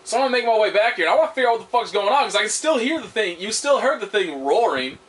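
A man's voice: high voice, lively intonation, fast, fairly bright tone. A young man giving casual gameplay commentary, frustrated and swearing as he rambles. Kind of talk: casual let's-play commentary.

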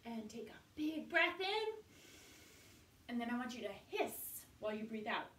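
A woman's voice: a little high, sing-song, normal speed, a bit bright, a little hiss or hum. A young woman leading a children's yoga story time, cheerful and encouraging, singing short chants. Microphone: online video from a camera at a distance. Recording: echoey room, voice from far off.

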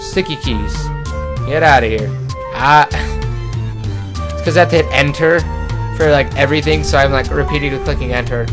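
A man's voice: medium pitch, normal speed, long pauses, over music. A young man hosting a let's play, chatting casually and reading game dialogue aloud in his own voice. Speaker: gaming channel host.

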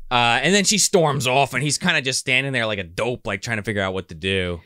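A man's voice: medium pitch, brisk, sharp tone, no echo, clean studio sound. A man co-hosting a movie podcast, casually recapping a film with lots of hesitant fillers. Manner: laid-back, hesitant, filler-heavy recapping. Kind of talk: casual chat.

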